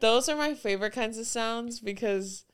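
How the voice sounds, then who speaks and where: Young woman, podcast co-host, smooth clear voice, giggly, breaks into loud quoted lines. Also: on the high side, moderate pace. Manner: laughs often, quotes viral clips loudly. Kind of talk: casual chat.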